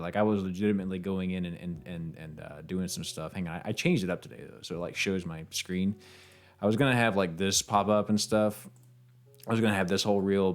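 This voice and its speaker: Male streamer, low-pitched, quick talker, tired, rambling, easygoing, frequent laughs and fillers, casual live-stream chat. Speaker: game streamer and voiceover actor.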